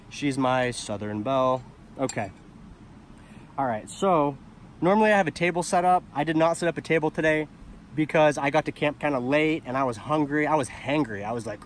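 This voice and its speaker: Young male vlogger, mid-pitched, upbeat and talkative, recorded in a van with light background noise. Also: moderate pace. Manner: chatty, enthusiastic, talks to viewers directly. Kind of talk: casual cooking vlog. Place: camper van at a campsite.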